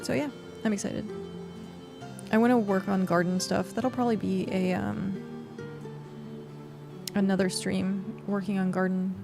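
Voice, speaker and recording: A woman's voice: mid-range voice, little pitch movement, measured pace, vocal fry, long pauses, over music. A woman game streamer in casual, rambling livestream chat, thanking viewers and talking while she plays. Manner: chatty and rambling, with frequent fillers.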